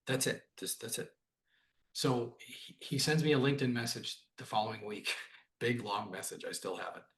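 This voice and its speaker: A man, a sales trainer guest on a podcast, telling stories in a casual, animated way and acting out the dialogue. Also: medium pitch, moderate pace. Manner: animated, acts out quoted dialogue, repeats "right?". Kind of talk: casual interview storytelling.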